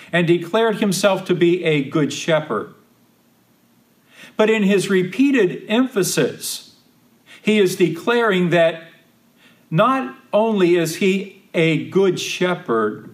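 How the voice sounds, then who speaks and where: A man leads a Bible study in a measured, unhurried delivery. His voice sits a little higher than most men's, and he leans on key phrases, repeating them for weight. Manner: slow, deliberate, emphatic repetition of quoted verses. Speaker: Bible teacher.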